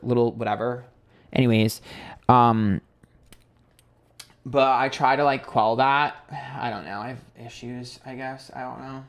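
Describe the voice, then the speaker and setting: A man's voice: mid-range voice, clean tone. A man in his thirties with a New York accent, chatting on a live stream and reading viewer comments aloud. He talks loosely and candidly, swearing freely, with plenty of fillers. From Queens, New York. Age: 30s. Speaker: psychic tarot reader streaming live.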